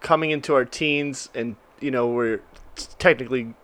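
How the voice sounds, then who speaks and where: A man's voice: mid-range voice, normal speed, a bit bright. A young man chatting loosely about his school days, swearing casually and laughing easily. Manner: loose, profane, laughs often. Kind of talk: casual chat.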